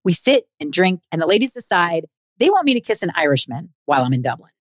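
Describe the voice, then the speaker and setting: A woman hosts her podcast and narrates a personal travel story. Her low voice rises and falls with lively expression, and her delivery is wry. The close recording is dry, with no room sound. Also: fast, no room sound. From United States. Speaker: podcast host and comedian.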